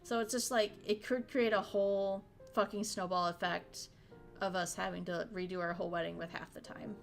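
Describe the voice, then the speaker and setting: A woman's voice: medium pitch, steady tone, moderate pace, gravelly, faint music behind. A young woman streaming in casual chat, talking frankly, swearing freely and laughing often.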